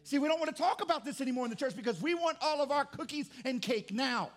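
A man's voice: extremely high pitch, lively intonation, fast talker. A man preaching as a pastor, conversational with restarts, mimicking complaining churchgoers. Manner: acts out churchgoers' complaints in mock voices. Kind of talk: sermon.

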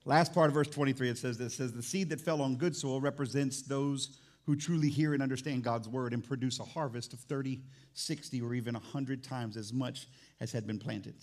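A man preaching a sermon as pastor in a church, animated and jokey, swinging from loud excitement to quiet emphasis. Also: medium pitch, moderate pace. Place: church sanctuary.

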